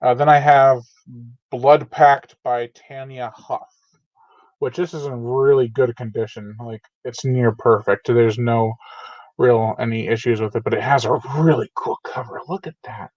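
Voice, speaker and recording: A channel host runs a live unboxing stream, casually reading chat messages aloud and talking with lots of fillers. His mid-range voice is a little slow and darkish, with fairly even intonation. The dull, lo-fi home mic gives a dry sound.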